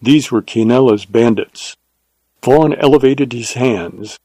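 A man narrating a western novel as an audiobook, in a measured, steady way. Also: mid-range voice, no echo, poor audio.

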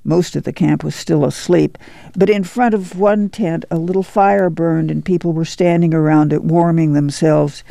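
Male audiobook narrator, measured and gravelly, somewhat higher pitch, dry. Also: steady tone, warm tone, no room sound. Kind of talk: scripted narration.

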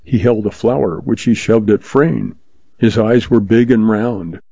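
A man with a low, dark, husky voice reads pulp western stories in a steady, measured way. The recording is dry and dull, with a lo-fi sound. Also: no echo. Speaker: story reader, host.

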